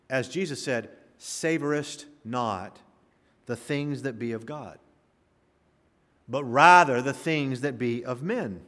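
A pastor preaches to his congregation, his voice sitting a little high for a man. He builds to emphatic peaks, then drops into slow, quiet pauses. Long reverb from the church hall trails each phrase. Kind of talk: sermon.

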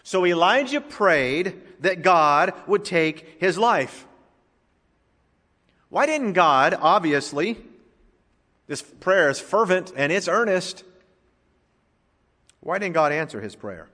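A man's voice: high-pitched, very animated, slow pace, pauses often. Guy pastor preaching in a church, voice swoops all over, long reverb tail. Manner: preacherly, swings from soft asides to loud emphatic lines. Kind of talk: sermon.

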